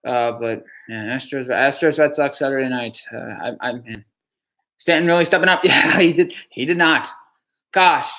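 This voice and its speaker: A man's voice: mid-range voice, normal speed, sharp tone. Bummed out guy live streaming, stammers and repeats himself a lot. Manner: dejected, repetitive, stammering.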